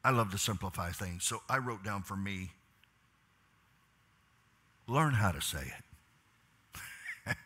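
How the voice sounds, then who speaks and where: A middle-aged man giving a leadership talk in church as a pastor, asking the crowd questions and moving between quiet asides and loud urging. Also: fairly low pitch, slow pace, pauses often, husky.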